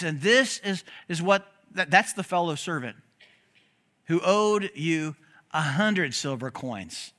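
A man preaching a sermon as pastor, talking in an animated, conversational way with joking asides to the congregation. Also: high voice, moderate pace.

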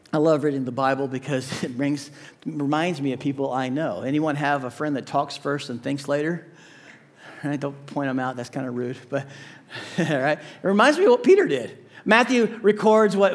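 High-voiced animated male preacher. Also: normal speed. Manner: animated, acts out quoted voices, drops to soft low asides. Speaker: pastor. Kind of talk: sermon.

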